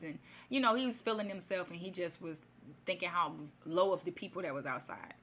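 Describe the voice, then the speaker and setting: A woman's voice: on the low side, fairly quick, a bit bright, a little hiss or hum. A woman casually retelling a fairy tale in her own words, rambling and chatty, with many restarts. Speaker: storyteller.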